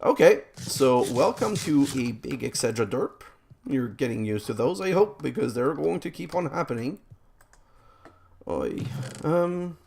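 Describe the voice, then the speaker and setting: Gravelly-voiced man doing game commentary. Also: mid-range voice, expressive, measured pace, darkish tone, a little hiss or hum. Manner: rambling, self-mocking, exasperated at setbacks. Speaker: let's play host. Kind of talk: let's play game commentary.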